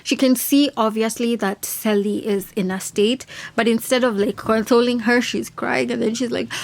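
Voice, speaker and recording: A woman's voice: on the high side, steady tone, normal speed, gravelly, hardly any pauses. A young woman giving a casual, opinionated reality TV recap, full of "like" and slang. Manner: chatty, opinionated, heavy on "like". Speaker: reality TV reviewer.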